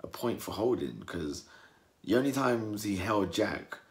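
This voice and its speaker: A young man from England talks through a fight he just watched in a casual monologue. His voice sits very low with a gravelly fry, and now and then he jumps into mocking impressions of the fighters. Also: unhurried. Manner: animated, acts out fighters' words in mocking high voices. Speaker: boxing commentator.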